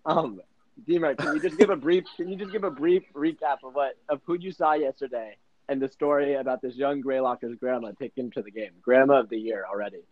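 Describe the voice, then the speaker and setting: A man's voice: mid-range voice, brisk, dry recording, highs cut off. A young man hosting a casual podcast, upbeat and joking as he prompts his co-hosts. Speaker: podcast host.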